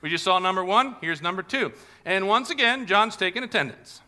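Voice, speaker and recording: A male pastor with a bright, forceful voice, preaching a Sunday sermon. He tells the story in an animated way, often acting out the people in it. His voice sits a little higher than most men's. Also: fairly quick.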